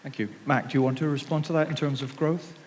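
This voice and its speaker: A man moderating a conference panel who asks short, brisk questions. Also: fairly high pitch, steady tone, a little hiss or hum. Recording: reverberant conference hall.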